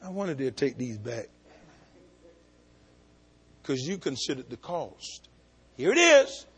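Middle-aged preacher, husky and animated, folksy sermon with shouted peaks. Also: male voice, unhurried. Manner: preaching, swings between low asides and shouted climaxes; folksy storytelling, talks to the congregation directly. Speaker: pastor.

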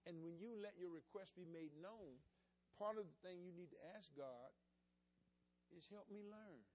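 High-voiced man preaching conversationally. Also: unhurried, darkish tone. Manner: conversational preaching, acts out little scenes with voices. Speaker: pastor. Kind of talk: sermon.

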